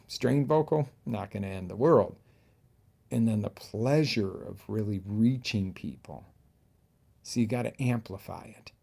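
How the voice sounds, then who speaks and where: A man, a fitness coach, giving an animated motivational talk, jumping from loud outbursts to hushed asides. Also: on the low side, creaky, slightly rough.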